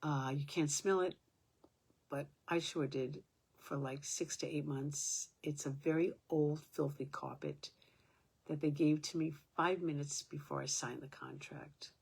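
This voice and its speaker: A woman's voice: sits low, fairly even intonation, a little slow, gravelly, a little mellow, husky. An older woman at home, talking to her own camera in a rambling, aggrieved way, with many fillers. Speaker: vlogger. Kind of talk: casual talk to camera.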